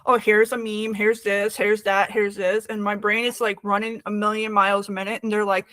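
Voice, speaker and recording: A woman interviewer who chats casually, talking fast and teasing herself. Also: mid-range voice, level tone, a bit bright, dry recording. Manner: chatty, fast-flowing, self-deprecating. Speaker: interviewer, reviewer.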